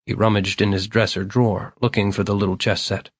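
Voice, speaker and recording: Male audiobook narrator, measured delivery, dry studio sound. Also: on the low side, little pitch movement, breathy edge, no room sound.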